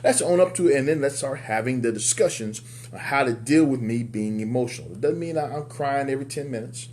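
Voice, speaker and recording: A man with an ordinary, middle-pitched voice gives a motivational talk to other men. He preaches with emphasis and hammers key words through repetition. His pitch leaps up high whenever he lands a point, over a faint hum. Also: fairly quick, darkish tone. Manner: jumps up in pitch on punch lines. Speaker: men's life coach and show host.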